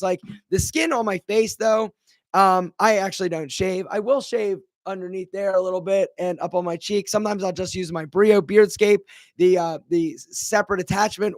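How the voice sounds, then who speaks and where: A brand founder with a high male voice answers viewer questions in a casual live Q&A, chatty and full of fillers, and sounds a bit out of breath. The recording is dry with a clean studio sound.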